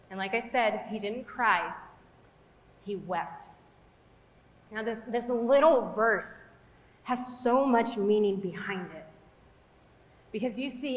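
A woman's voice: mid-range voice, takes it slowly. A young woman giving a casual, conversational sermon, chatty and full of fillers, in a church hall. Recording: echoey hall with long reverb.

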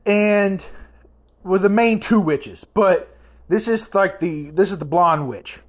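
A woman chats casually as a podcast host, telling a long family story. She rambles and restarts often. Her voice sits at an ordinary middle pitch. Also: takes it slowly.

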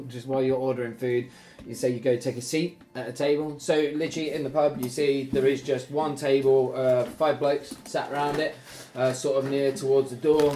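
A man narrating as game master, relaxed and chatty, often laughing. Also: medium pitch, roomy sound.

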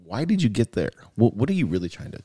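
A man's voice: lowish voice, big pitch swings, fast, dark tone, breathy edge. A man co-hosting a casual talk about leadership, conversational, quoting advice in a livelier voice. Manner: conversational, quotes others in a livelier voice.

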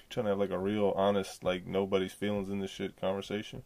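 Male solo podcast host, casual and profane, gravelly, loose slangy delivery. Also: deep voice, completely flat delivery, a little fast, a little mellow, a little hiss or hum.

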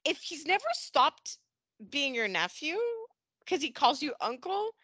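A woman co-hosting a podcast in casual chat, animated and laughing, acting out characters' lines. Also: high voice, measured pace, no echo. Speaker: podcast co-host. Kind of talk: casual chat recapping a soap opera.

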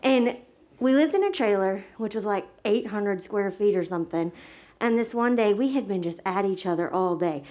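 A woman's voice: mid-range voice, moderate pace, dark tone. A woman telling a childhood story to a group, laughing often as she talks.

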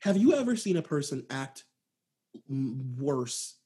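A young woman in casual movie chat, animated and mocking, often acting out lines from the film. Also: rumbling low, a little slow. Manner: animated, mocking, acts out quotes.

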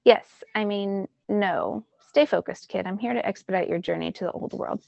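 A woman's voice: mid-range voice, normal speed, vocal fry, a little mellow, dry recording. A woman reading a cocky sea god. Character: brash adult male sea god, cocky and impatient.

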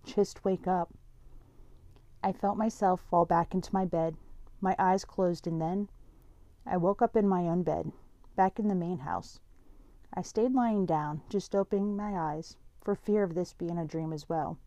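Low, mellow-voiced woman telling a story. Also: moderate pace, no echo. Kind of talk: first-person story narration.

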